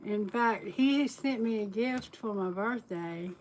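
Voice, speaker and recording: A woman's voice: mid-range voice, slow, a little hiss or hum, low-quality recording. A woman tarot reader chatting candidly on a live stream, telling personal stories and laughing often. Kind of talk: casual live-stream chat.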